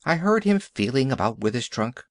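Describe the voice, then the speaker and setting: A man narrating a classic animal tale in an expressive, lively storytelling way. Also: mid-range voice, moderate pace, no room sound, studio quality. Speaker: audiobook narrator.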